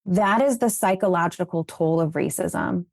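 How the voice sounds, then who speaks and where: A woman's voice: fairly low pitch, moderate pace, gravelly, dry recording, clean studio sound. A woman being interviewed as an educator, telling stories about raising children in an earnest, conversational way. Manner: earnest, animated when retelling conversations.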